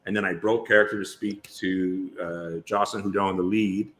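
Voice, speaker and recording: A man's voice: deep voice, fairly even intonation, normal speed, fairly bright tone. A man, a guest actor on a podcast, chatting casually and telling long stories full of restarts. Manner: rambling storyteller, many restarts. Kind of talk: casual interview chat.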